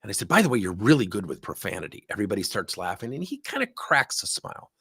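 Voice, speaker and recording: A man's voice: lowish voice, fast talker, creaky, breathy edge. A man giving a leadership talk, telling a story and acting out both sides of a conversation. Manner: animated storyteller acting out dialogue. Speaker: leadership speaker.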